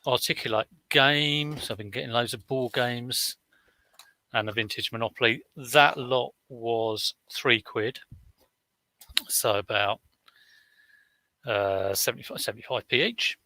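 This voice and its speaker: A man's voice: medium pitch, a little slow, long pauses, bright, forceful tone, dry recording. A man, chatting casually on a live stream as a reseller, rambling through stories with many fillers and restarts. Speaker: reseller vlogger.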